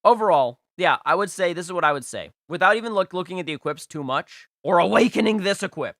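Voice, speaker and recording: A young man hosts a casual live stream, talking through viewers' game teams. His voice sits a little high and has a bright, forceful edge. He is emphatic and playful, hammering points home by repeating them. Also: lively intonation, fast talker, no echo, studio quality. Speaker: livestream host rating viewers' game teams.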